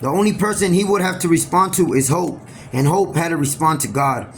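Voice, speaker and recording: A man telling a homemade story aloud, rambling and halting, often restarting his sentences. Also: on the high side, a little hiss or hum. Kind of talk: improvised oral storytelling.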